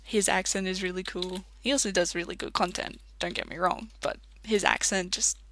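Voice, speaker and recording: An Australian let's play commentator rambling casually while gaming, chatty and quick to laugh. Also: mid-range voice, fairly even intonation, a bit bright, a little hiss or hum.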